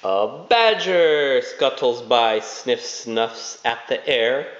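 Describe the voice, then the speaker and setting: A father reading a bedtime storybook aloud to his children in a gentle, sing-song way, adding sound effects. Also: medium pitch, lively intonation, very slow, few pauses. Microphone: phone. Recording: echoey room, dull phone recording.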